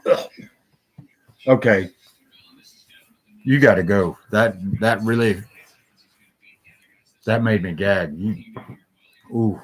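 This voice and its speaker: A man's voice: lowish voice, takes it slowly, long pauses. A man hosting a solo talk show, rambling and jumping between stories, swearing freely.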